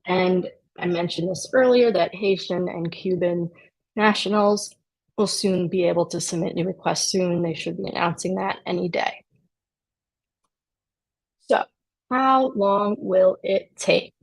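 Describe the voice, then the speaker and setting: A woman's voice: fairly low pitch, a little slow, creaky, low-quality recording. A woman immigration attorney explaining a legal process in a conversational way, with dry sarcastic asides. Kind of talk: explanatory talk to camera.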